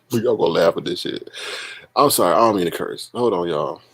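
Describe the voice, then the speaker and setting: Gravelly, animated man hosting a livestream. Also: low-pitched, normal speed. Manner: exasperated, laughing, talks to chat as "y'all". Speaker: livestream host. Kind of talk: casual livestream chat.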